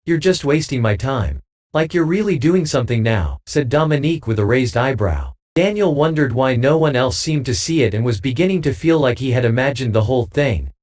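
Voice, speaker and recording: A man's voice: mid-range voice, brisk, hardly any pauses. A man narrating a comic audiobook story, reading every character's lines himself. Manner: reads with lively dialogue voices.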